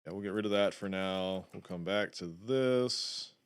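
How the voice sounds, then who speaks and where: A man's voice: low voice, unhurried, clear, resonant tone. A man livestreaming, chatting casually and thinking aloud as he works.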